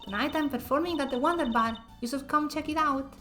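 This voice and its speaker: A woman voicing a playful teenage girl magician with a bright, teasing manner. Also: sits high, a little fast, faint music behind.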